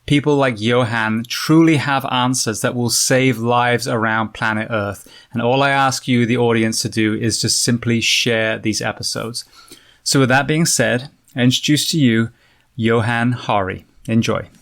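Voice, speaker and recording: A man's voice: mid-range voice, steady tone, measured pace, gravelly, fairly bright tone. A British man hosting a podcast, chatting casually with his guest, friendly and sometimes tripping over his words, his accent drifting toward American. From Britain. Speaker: podcast host. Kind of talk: casual interview chat.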